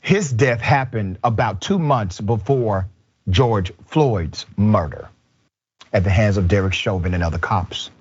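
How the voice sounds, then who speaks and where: A man's voice: on the low side, measured pace, slightly rough, highs cut off. A man hosting a political talk show, delivering emphatic commentary. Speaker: host.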